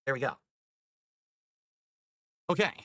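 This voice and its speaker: A man's voice: slow pace, fairly bright tone, dry recording. A man streaming live, rambling in an exasperated way and swearing as he talks. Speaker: livestreamer.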